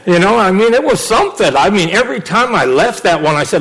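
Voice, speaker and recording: A man's voice: sits high, very animated, fast, fairly bright tone, husky, poor audio. A middle-aged man preaching a sermon, emphatic and repeating phrases for stress.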